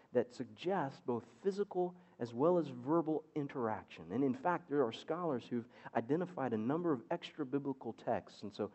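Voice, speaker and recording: A man's voice: mid-range voice, warm tone, lo-fi sound. A man preaching a sermon as pastor, with wry, sarcastic asides.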